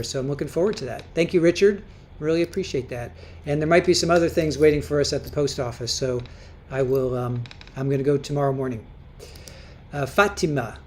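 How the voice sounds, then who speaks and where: Woman, livestream host, casual chat, reads viewer comments, repeats and restarts words, soft laughs. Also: low voice, slight background noise.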